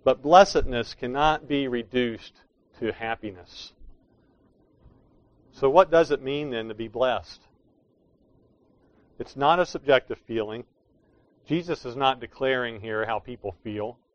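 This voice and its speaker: A man's voice: medium pitch, measured pace, pauses often, no echo, dull audio. A man preaching a sermon, explaining scripture in an emphatic way that leans hard on key words. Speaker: pastor.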